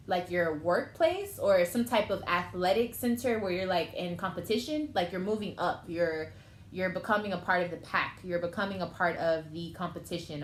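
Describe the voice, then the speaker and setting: A woman's voice: fairly low pitch, slight background noise. Emotional young woman reading tarot. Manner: emotional, chatty, thinking aloud. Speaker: tarot reader. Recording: echoey room with faint ambience.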